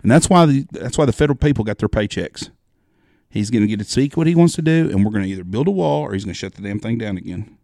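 A man in his forties tells rambling stories at a quick clip, his voice low and gravelly. He curses freely and keeps the tale rolling. The recording is dry and close. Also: animated, warm tone, no echo. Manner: profane, rambling storyteller. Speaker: podcast co-host. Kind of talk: casual chat.

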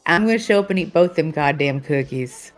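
A woman's voice: low voice, lively intonation, a little fast, soft background music. A woman co-hosting a casual talk show, teasing and joking, interjecting nonsense. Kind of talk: casual livestream chat.

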